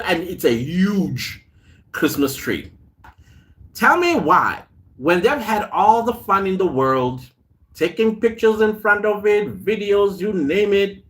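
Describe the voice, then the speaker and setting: A man hosts a casual live stream, reading out viewer comments and greeting people by name. He speaks at an unhurried pace in a somewhat high voice. His stories wander in a chatty way, broken up by laughs. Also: a bit bright. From South Africa. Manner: reads viewer comments aloud and greets them; chatty storytelling with frequent laughs. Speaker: host.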